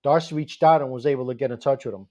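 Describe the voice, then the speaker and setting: Excitable man, dull lo-fi sound. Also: mid-range voice, fast. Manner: excitable, laughs often, many fillers. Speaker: guest researcher. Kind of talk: casual interview chat.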